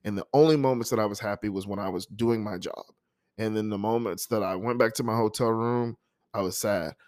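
A man with a lowish voice tells a personal story in a soft, halting, emotional way. The recording is dry and close, with no room sound. He pauses often as he gathers himself before reading his poem. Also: no echo. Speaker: poet introducing a poem.

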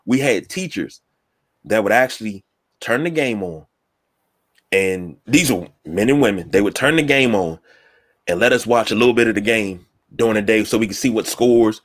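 A man's voice: on the low side, moderate pace. Chatty man telling sports stories. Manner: storytelling, animated when acting out quotes. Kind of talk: casual sports chat.

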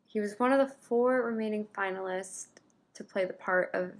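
A woman's voice: medium pitch, moderate pace. Chatty woman podcast co-host. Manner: chatty, many "like" fillers. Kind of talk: casual chat.

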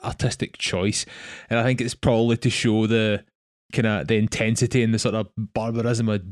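A young man co-hosting a casual film podcast, talking in a measured, hesitant way. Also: fairly low pitch, little pitch movement, no room sound, clean studio sound. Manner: measured, hesitant, many fillers. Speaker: podcast co-host.

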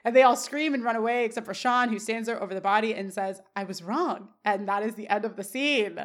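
Woman, podcast co-host, casual recap, fairly high voice, laughs a lot. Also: fast. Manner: recaps scenes with quoted lines, laughing often.

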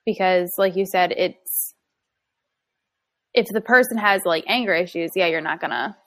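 A woman's voice: fairly low pitch, moderate pace, a bit bright. Chatty young woman telling parenting stories. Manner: chatty, filler-heavy storytelling with laughs. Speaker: mother discussing parenting. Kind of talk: casual chat.

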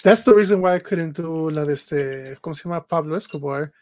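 A man's voice: fairly high pitch, quick pace, a little mellow, no room sound, clean studio sound. A man co-hosting a casual chat, hesitant and full of fillers, mixing English and Spanish. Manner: hesitant, filler-heavy, says dude a lot. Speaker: podcast co-host.

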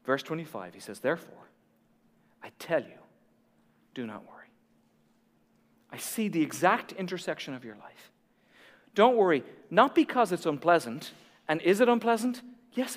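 A middle-aged man delivers a sermon in a high, light voice. He moves from hushed asides to emphatic peaks, and his voice carries the long reverb of a large church hall. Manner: expressive, swings between soft asides and emphatic peaks. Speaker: pastor.

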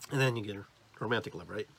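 A man with an American accent hosting a podcast, giving an animated spiritual talk to his listeners. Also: lowish voice, gravelly, slight background noise. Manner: animated, demonstrating inflections. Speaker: podcast host.

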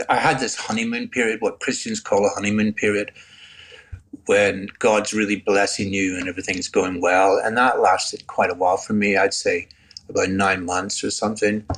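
A man in his sixties from Northern Ireland with a Northern Irish accent, a guest telling his faith story in an interview in a reflective, emotional way. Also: lowish voice. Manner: reflective, gets choked up, laughs softly. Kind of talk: interview testimony.

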